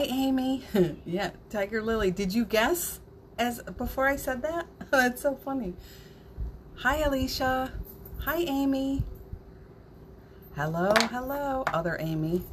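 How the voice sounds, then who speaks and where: A middle-aged woman hosting a spiritual morning livestream, greeting viewers by name in a gentle, playful way with small laughs. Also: medium pitch, a little hiss or hum. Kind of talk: live-streamed spiritual talk greeting viewers.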